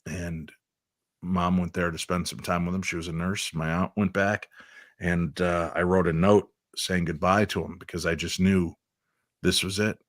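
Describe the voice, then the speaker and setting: Deep-voiced man telling a story on air. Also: no room sound, clean studio sound. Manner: measured, reflective storyteller with hesitant fillers. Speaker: guest, radio host. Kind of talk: personal storytelling in a radio interview.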